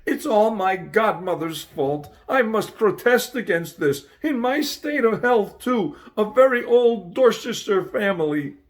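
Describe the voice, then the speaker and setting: A man putting on a fussy old gentleman from a storybook, his voice shrill and quavering, wailing high and loud, the pitch leaping wildly as he protests. The trembling old man sounds close to a scream. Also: lively intonation, unhurried, hardly any pauses. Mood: panicked wailing.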